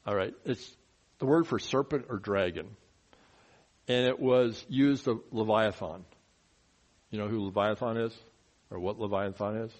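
A man with a somewhat low voice preaches in a conversational way, moving at a measured pace and pausing often. He poses rhetorical questions and shifts between soft asides and loud, emphatic bursts.

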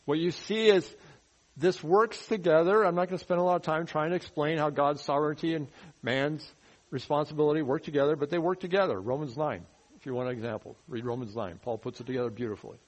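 A man's voice: fast talker, rough recording. Man preaching a conversational Bible sermon. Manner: conversational teaching, drops his voice low for emphasis. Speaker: pastor. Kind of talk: expository sermon.

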